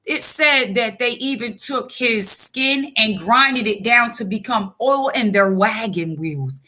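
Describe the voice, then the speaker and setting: A woman's voice: a little high, slow pace, few pauses, sharp tone. A woman giving fiery religious commentary in a vlog, blunt and scolding, preaching at her viewers with frequent restarts. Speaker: online commentator.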